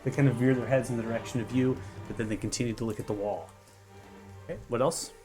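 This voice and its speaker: A man narrating a tabletop game as game master, calmly describing the combat. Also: mid-range voice, fast, music in the background.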